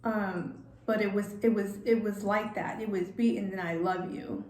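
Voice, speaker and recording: A woman telling a personal story in a vlog, halting and repeating words, getting emotional. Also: mid-range voice, little pitch movement, a little mellow, reverberant. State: emotional, near tears. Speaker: vlogger.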